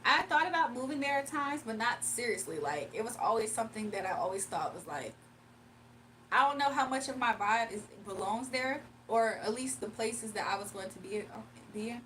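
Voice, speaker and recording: The recording is rough, with a distant mic and a little hiss or hum, capturing a fairly high, expressive, slightly bright voice at normal speed. It belongs to a young Southern woman, a livestreamer and spiritual reader, who chats casually from a room at home, reading comments aloud and laughing often.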